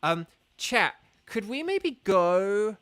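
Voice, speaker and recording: A man's voice: high voice, very animated, very slow, a bit bright, clean tone, dry recording. A man chatting casually with viewers during a live game stream, rambling and organizing who plays next.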